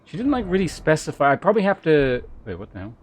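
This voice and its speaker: A man's voice: a little high, sing-song, fast. A young male streamer giving casual, filler-heavy commentary and muttering to himself as he plays.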